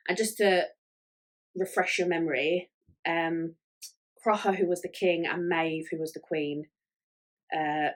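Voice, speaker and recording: A woman talks through her solo podcast in a relaxed, chatty way, often stopping on "um" and "like". Her voice sits a little low for a woman. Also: measured pace, pauses often. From Ireland. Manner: chatty, with many fillers like "um" and "like". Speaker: podcast host. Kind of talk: casual solo podcast chat.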